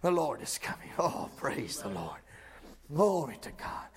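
A man's voice: a little high, sing-song, unhurried. A man preaching a sermon with fervent, emphatic repetition.

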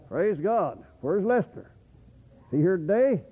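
A man preaching a rambling, folksy sermon, often swooping up into excited whoops. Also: high-pitched, a little slow, long pauses. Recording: tinny phone-like radio broadcast.

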